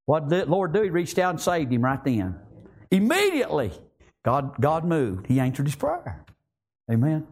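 A man's voice: high-pitched, brisk, husky. A man preaching a sermon, repeating himself and calling out amens. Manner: animated preaching with frequent repetitions and amens.

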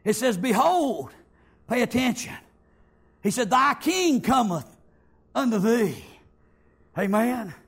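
A man preaching a fiery revival sermon in a church, punctuating nearly every line with "amen" and shouted praise. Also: extremely high pitch, animated, slow, pauses often, slightly rough.

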